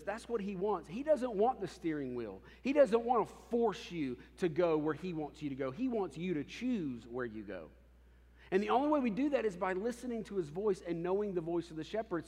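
A man in his thirties preaching a sermon as pastor, conversational and animated, telling family stories. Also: fairly high pitch. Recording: long hall reverb.

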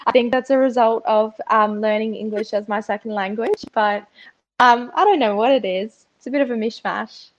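A woman's voice: on the high side, normal speed. Russian-born Australian woman, lo-fi sound. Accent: Australian with a slight posh tinge. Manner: chatty, laughs between phrases. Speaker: guest, pageant finalist. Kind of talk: casual interview conversation. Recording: dull lo-fi sound.

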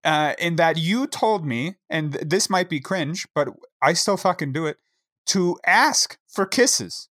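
A podcast co-host chatting casually, relaxed and frank, swearing now and then. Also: medium pitch, a little slow, no echo, studio quality. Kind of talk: casual chat.

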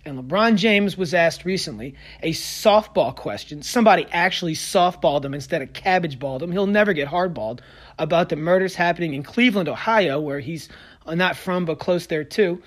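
A man hosting a sports podcast, delivering a heated, sarcastic solo rant that swings from loud outbursts to low mutters. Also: lively intonation, fairly quick. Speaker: podcast host.

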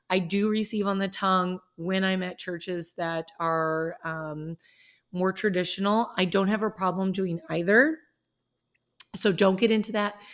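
A woman's voice: medium pitch, fairly bright tone. A woman who teaches middle school, talking about her faith in a personal vlog, earnest and heartfelt, often restarting her sentences.

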